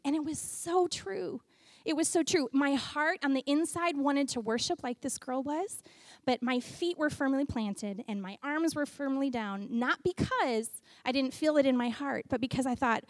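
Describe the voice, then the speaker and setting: Expressive woman preaching with a dry sound. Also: sits high, normal speed, no echo. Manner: expressive storytelling, acts out voices. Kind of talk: sermon.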